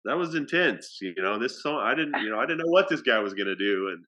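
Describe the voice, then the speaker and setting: A man telling a story in a casual podcast chat, his voice bright and forward. He rambles a bit, with plenty of fillers and restarts. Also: medium pitch, lively intonation, brisk. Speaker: athletic director.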